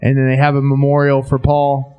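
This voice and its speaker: A man's voice: medium pitch, monotone, brisk, lo-fi sound. A man doing a stand-up set in a basement venue, laid-back and rambling with lots of fillers. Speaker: stand-up comic.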